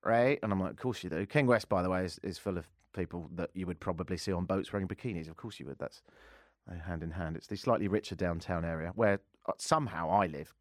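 A man's voice: low-pitched, fast, no room sound, studio quality. An English man hosting a radio show, telling a sarcastic, self-deprecating story in casual banter. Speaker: radio host.

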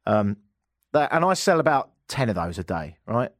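Animated sarcastic Englishman hosting radio. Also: medium pitch, moderate pace, no room sound, clean studio sound. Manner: sarcastic, joking, exaggerated asides. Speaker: radio talk show host. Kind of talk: radio talk show rant.

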